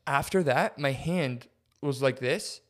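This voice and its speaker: A young man co-hosting a podcast, telling a story casually and acting out quotes with big jumps in his voice. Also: slow pace. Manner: animated, acts out quotes with big pitch jumps. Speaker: podcast co-host.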